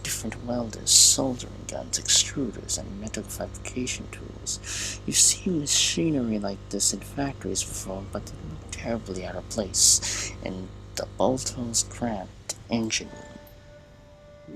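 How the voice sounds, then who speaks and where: Gravelly low-voiced man reading game text. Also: a little slow, bright, forceful tone, soft background music, poor audio. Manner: casual, stumbles and restarts while reading. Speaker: gamer.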